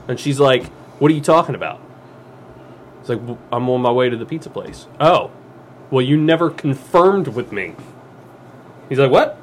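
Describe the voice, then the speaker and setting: A man in casual podcast banter who tells a long crude anecdote and voices the people in it. His voice sits at an average pitch. A faint hiss runs under the recording. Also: lively intonation, moderate pace. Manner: storytelling, swearing, quoting others in voices. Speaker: podcast co-host.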